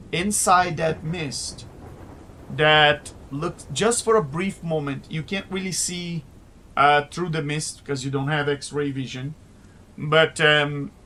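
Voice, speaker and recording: A man running a tabletop game as game master, with a fairly high voice and an unhurried delivery. He narrates haltingly and fills his pauses with filler sounds. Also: bright, forceful tone, a little hiss or hum.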